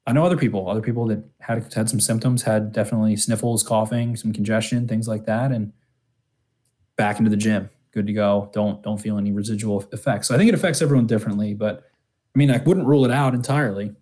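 A man's voice: lowish voice, quick pace, mellow. A man co-hosting a sports podcast, talking casually with lots of restarts and fillers. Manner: rambling, many restarts and fillers. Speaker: podcast co-host.

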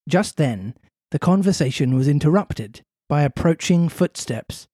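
A man reads a story aloud with a lively, playful manner and lots of movement in his pitch. His voice is dry and close to the mic, with no room sound. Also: measured pace, no room sound. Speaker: podcast host reading a story. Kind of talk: story narration with comic banter.

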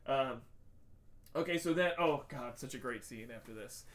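A man's voice: mid-range voice, normal speed. A man hosting a casual comedic film-review podcast, rambling with lots of fillers and frequent swearing. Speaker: podcast host.

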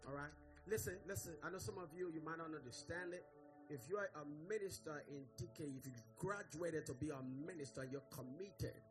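A man's voice: a little high, brisk, over music. A male pastor giving church announcements and leading a birthday celebration, full of "hello" and "glory to God".

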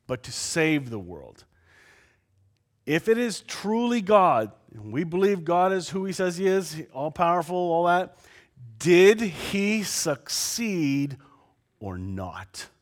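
Animated man preaching a sermon. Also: a little high. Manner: animated, swings from loud outbursts to quiet asides. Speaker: pastor. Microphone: lapel mic.

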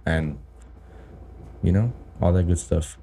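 A man's voice: deep voice, slow pace, warm tone, slightly rough. A man co-hosting a casual podcast chat, joking crudely and swearing often. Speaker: podcast co-host.

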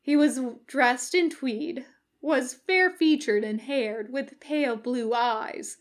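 Unhurried woman reading a story aloud. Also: high voice. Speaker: podfic reader. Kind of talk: reading fan fiction aloud.

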